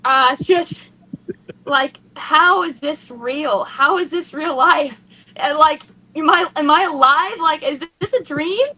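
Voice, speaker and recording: A woman's voice: high voice, slow, rough recording. A young woman racing driver, gushing and tearful in an emotional post-race interview. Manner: excited, gushing, breathless with emotion.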